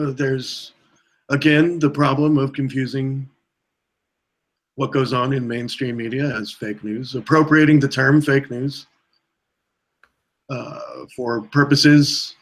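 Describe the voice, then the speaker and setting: A man answering questions at a mock press conference, deadpan and halting with many fillers. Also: medium pitch. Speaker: provost of a mock college.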